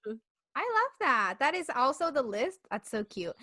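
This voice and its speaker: A woman's voice: high voice, very animated, moderate pace, pushed and bright, dry recording, clean studio sound. A young woman co-hosting a podcast, chatting casually and telling stories animatedly with lots of likes and laughter. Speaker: podcast co-host. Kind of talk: casual chat.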